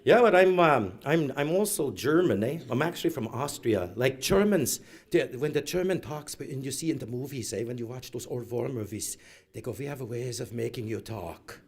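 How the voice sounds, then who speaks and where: A man's voice: mid-range voice, normal speed. Man telling funny stories. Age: middle-aged. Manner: animated, acts out relatives in quoted voices. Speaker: storyteller at a graduation event. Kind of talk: humorous personal storytelling. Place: event hall.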